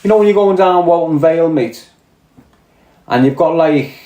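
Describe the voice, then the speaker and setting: In an echoey room, a man with a Scouse accent runs a casual live-stream podcast chat, rambling on and reading viewer comments. His voice sits on the high side with a dark tone, and he keeps a moderate pace.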